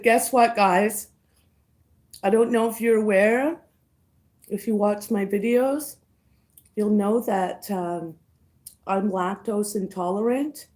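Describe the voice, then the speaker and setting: A woman's voice: mid-range voice, darkish tone. A woman vlogger eating on a livestream and greeting her chat viewers by name between bites, murmuring over the food. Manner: slow, chewing, savoring food with murmurs. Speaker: mukbang vlogger.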